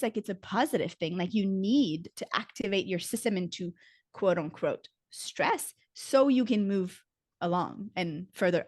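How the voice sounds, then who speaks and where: Woman guest, somatic coach type; calm, teaching delivery, casual fillers, dry close sound. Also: medium pitch, dry recording. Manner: calm, teaching, uses "like" often. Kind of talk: casual explanatory interview talk.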